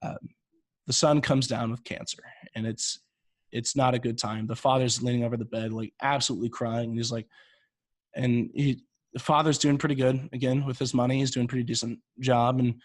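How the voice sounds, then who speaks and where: A man's voice: medium pitch, flat delivery, a little fast, no room sound. A young man in his twenties, a podcast co-host, telling a long shaggy-dog joke in a rambling way, with many restarts. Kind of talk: casual podcast storytelling.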